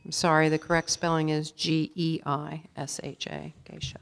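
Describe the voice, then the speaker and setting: Low-voiced woman pronouncing words in a hall. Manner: measured, even, repeats each word clearly. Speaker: spelling bee pronouncer. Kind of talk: formal word reading with definitions. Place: school auditorium. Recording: long reverb of a large hall.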